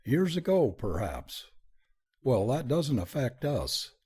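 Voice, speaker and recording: Husky man reading an audiobook. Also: mid-range voice, slow pace. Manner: lively, expressive reading with character dialogue. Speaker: audiobook narrator. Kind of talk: scripted narration.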